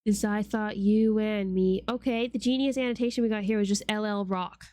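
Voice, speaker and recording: A woman's voice: mid-range voice, fairly even intonation, normal speed, dark tone, dry recording, clean studio sound. A woman streamer chatting playfully with her viewers while she draws, swearing casually.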